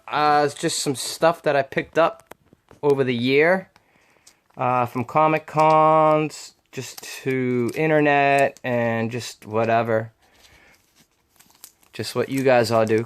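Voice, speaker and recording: A man with a Boston accent talks through his collection in a relaxed show-and-tell vlog. He rambles freely, filling pauses with ums and uhs and laughing easily. His voice sits at an everyday middle pitch. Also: smooth. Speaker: comic collector showing his haul.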